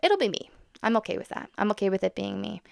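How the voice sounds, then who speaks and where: A young-sounding woman talks straight to the camera in a quick, rambling, frank way. Her mid-range voice has a gravelly fry under a smooth, clean tone. The sound is dry and close, with no room echo. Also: mid-range voice, very animated. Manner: fast, rambling, frank, with laughs and swearing. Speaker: autism content creator. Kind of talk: candid talk to camera.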